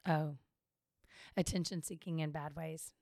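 A woman's voice: low voice, steady tone, unhurried, gravelly, a little mellow, dry recording, studio quality. A woman co-hosting a podcast in casual chat, chatty and playful, laughing often. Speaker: podcast co-host.

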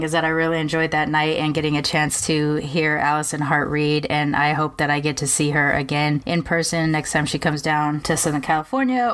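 Chatty low-voiced woman podcast host. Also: fairly bright tone. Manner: chatty and enthusiastic, rambling with fillers. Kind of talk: casual solo podcast intro.

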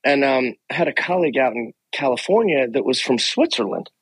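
A middle-aged man, a therapist, chatting casually and animatedly on a podcast, with lots of quick asides and restarts. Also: mid-range voice, lively intonation, breathy edge, dry recording. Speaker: therapist guest.

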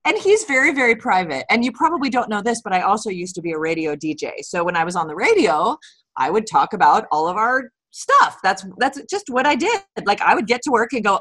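Woman, forties, author guest, casual interview, candid storyteller, mid-pitched. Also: fairly quick. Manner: candid, animated storyteller with frequent restarts.

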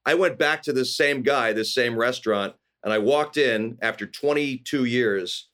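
A middle-aged man from California, a guest actor telling animated stories in casual conversation, often acting out quoted voices. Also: medium pitch, moderate pace. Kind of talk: casual storytelling.

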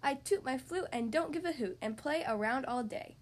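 A woman's voice: high-pitched, animated, normal speed. A woman singing as a carefree little pig. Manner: sing-song and playful. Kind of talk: storybook read-aloud.

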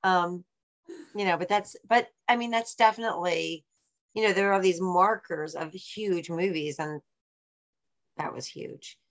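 A woman's voice: fairly low pitch, measured pace. A woman hosting a casual chat, asking questions and sharing her own stories in an encouraging way.

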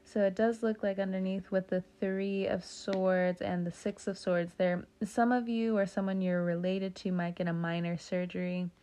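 A woman's voice: mid-range voice, level tone, moderate pace, hardly any pauses, mellow. A young woman giving a casual tarot reading, joking around, swearing freely and drifting off on tangents. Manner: joking, profane, talks off on tangents. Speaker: tarot reader.

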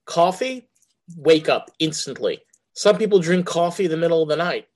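Animated New York guy hosting a podcast. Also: a little high, moderate pace. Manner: blunt, animated, swears freely. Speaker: podcast host. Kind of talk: casual podcast chat.

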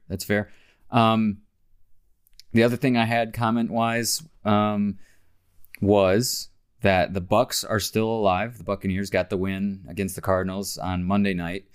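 A man co-hosting a casual sports podcast, talking in a relaxed, chatty way with many fillers. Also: fairly low pitch, smooth. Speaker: podcast host.

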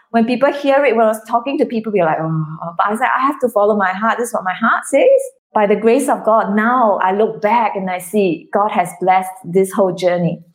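A woman guest author speaking earnestly and from the heart in an interview, with some restarts. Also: mid-range voice. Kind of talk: interview, personal testimony.

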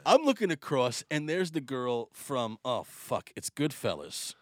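A man telling a story in casual podcast talk, profane and animated, laughing often. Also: mid-range voice, a little slow, dry recording, clean studio sound. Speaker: podcast guest.

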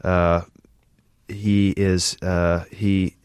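A man with a low voice talks in an interview, stumbling over his words and starting his sentences again. He also reads aloud from his own book. The sound is dry and close. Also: flat delivery, darkish tone, smooth, no echo. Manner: halting, many restarts and fillers. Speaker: author guest reading his novel. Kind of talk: interview answers and book reading.

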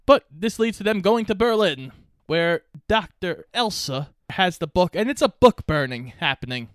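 A man co-hosting a podcast, casually recapping a movie's plot and tossing in quick quoted lines. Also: sits high, animated, fairly bright tone, dry recording, clean studio sound. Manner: recaps plot, quoting lines in offhand voices. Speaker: podcast co-host.

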